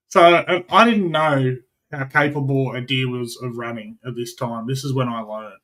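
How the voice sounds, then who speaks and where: An Australian man telling a wild story in casual chat, swearing freely and animated. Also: a little high.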